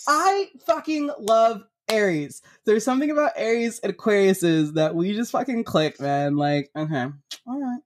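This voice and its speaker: A man co-hosting a casual podcast, his pitch bouncing all over as he talks. He laughs between his sentences, swears without a second thought and strings his thoughts together with fillers. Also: animated, normal speed. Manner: laughs often, swears freely, filler-heavy. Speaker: podcast co-host. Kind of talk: casual chat.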